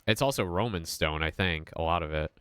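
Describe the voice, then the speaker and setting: A man's voice: sits low, fairly quick, fairly bright tone, clean tone, no echo. A man voicing a blunt, stubborn young male stonemason in a video game, in a plain, matter-of-fact way.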